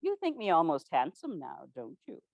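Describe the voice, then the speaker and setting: A kindly older 1860s president, voiced by a woman speaks gently and with a teasing wryness. The voice is pitched lower and quieter. The sound is dry. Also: wildly swooping pitch, moderate pace, creaky, no echo, muffled recording, exaggerated voice.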